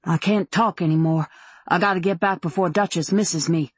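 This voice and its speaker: A woman voicing a drunk, tearful young saloon woman who slurs her words and talks roughly. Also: fairly low pitch, steady tone, normal speed, no room sound. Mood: urgent. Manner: slurring, rough-spoken.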